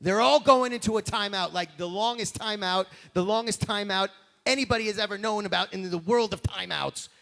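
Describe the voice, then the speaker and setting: A man's voice: high-pitched, fairly quick, gravelly, sharp tone, full character voice. A man playing a smug bully of a royal advisor. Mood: gloating. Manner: smug, bossy.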